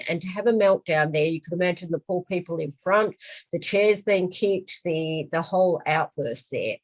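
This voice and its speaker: A woman's voice: mid-range voice, rough recording. A woman presenting a webinar who answers questions hesitantly, with frequent ums and restarts, and tells an anecdote.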